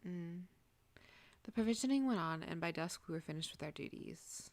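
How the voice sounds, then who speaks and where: A woman's voice: lowish voice, lively intonation, normal speed, a little mellow, dry recording. A woman streaming a game, reading its dialogue aloud and breaking into crude, joking outbursts. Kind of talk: casual gameplay commentary and reading.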